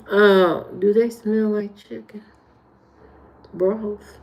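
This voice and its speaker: A woman from Indiana with an Indiana accent, chatting casually on a livestream and telling stories with animated jumps in her voice; her high voice can sound youthful. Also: measured pace, a little hiss or hum. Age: adult. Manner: animated storytelling, jumps high when retelling. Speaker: livestream host. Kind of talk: casual livestream chat reading comments.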